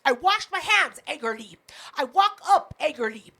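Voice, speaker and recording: A woman's voice: sits high, lively intonation, moderate pace, creaky, pushed and bright, a little hiss or hum. A woman co-hosting a podcast, telling a story in casual chat, emphatic, heated and full of swearing. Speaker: podcast co-host.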